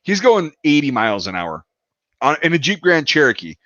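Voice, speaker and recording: A man's voice: fairly high pitch, very animated, a little fast, fairly bright tone, no echo. A man casually telling a long, profane anecdote on a podcast. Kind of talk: casual storytelling. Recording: dull, dry lo-fi sound.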